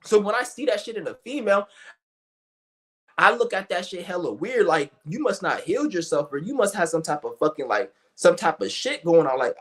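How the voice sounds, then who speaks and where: A young man streaming a loose, profane rant, his voice sitting a little high for a man. He restarts sentences constantly and piles on fillers as he circles his point. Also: big pitch swings, brisk, fairly bright tone. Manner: blunt, profane, rambling with many restarts and fillers. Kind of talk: ranting monologue.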